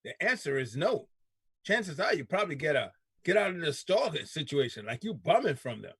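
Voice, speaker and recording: A man's voice: on the high side, big pitch swings, moderate pace, a bit bright, husky, no echo. A man co-hosting a casual group talk show, speaking emphatically and repeating himself for stress.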